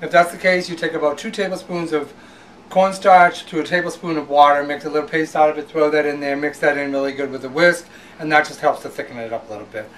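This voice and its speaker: A man's voice: fairly high pitch, fairly even intonation, quick pace, fairly bright tone, recorded from a distance, a little hiss or hum, rough recording. A man hosting a home cooking show, talking casually with fillers and restarts.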